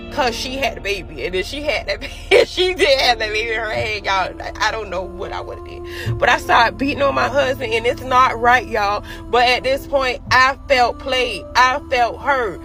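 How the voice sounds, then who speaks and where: A woman telling her own story in a casual, animated way, speaking straight to her viewers. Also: a little high, normal speed, over music.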